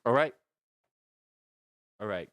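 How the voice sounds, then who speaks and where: A man with a Canadian accent, co-hosting a stream and spinning an absurd, stop-start tall tale in a deadpan way. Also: slow, no room sound, studio quality. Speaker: co-host. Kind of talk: absurd improvised storytelling, casual chat.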